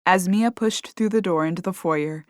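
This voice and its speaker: A woman narrating a cozy mystery audiobook in a measured storytelling manner. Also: lowish voice, no echo, studio quality. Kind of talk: scripted narration.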